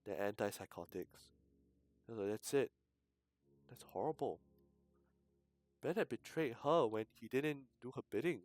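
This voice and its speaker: A male streamer reading a visual novel aloud, breaking off into loud outbursts and swearing. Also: medium pitch, animated, a little slow, long pauses, dry recording, faint music behind. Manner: reads text with sudden loud outbursts and swearing.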